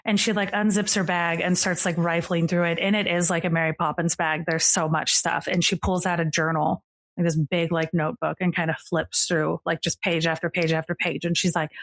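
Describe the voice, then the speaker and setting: A woman's voice: fairly low pitch, little pitch movement, fairly quick, a bit bright. Casual woman game master narrating. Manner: casual, descriptive, heavy use of filler "like".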